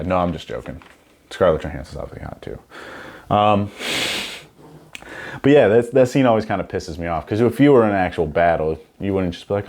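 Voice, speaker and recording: A man's voice: low voice, darkish tone. A young man hosting a comedy podcast, rambling and profane in a casual monologue, full of "you know what I'm saying.".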